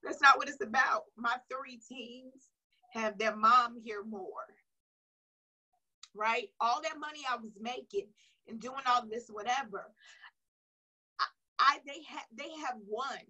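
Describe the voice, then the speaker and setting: A woman delivers a motivational coaching talk in a bright, sharp tone with a slightly husky edge. She is casual and chatty, stressing each point and repeating phrases for emphasis. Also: on the high side, measured pace, pauses often, poor audio. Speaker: sales coach.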